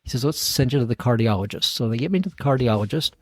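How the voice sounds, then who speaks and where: A middle-aged man guesting on a podcast tells his own story in casual talk, speaking fast in an animated, mid-range voice. He acts out the voices of the people involved and chuckles at himself, with no echo on the recording.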